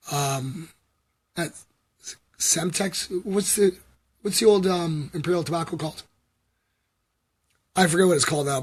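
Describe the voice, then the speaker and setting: A man's voice: on the high side, breathy edge. A middle-aged man, rambling and confessional in a casual livestream chat, full of fillers and asides to his viewers. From Canada. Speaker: vlogger.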